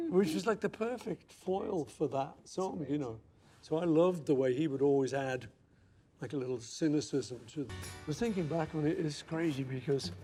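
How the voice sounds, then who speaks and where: A man in his seventies, an interview guest reminiscing in conversation, telling anecdotes and acting out old quotes. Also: on the high side. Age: 70s. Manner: anecdotal, acts out quotes with lively asides.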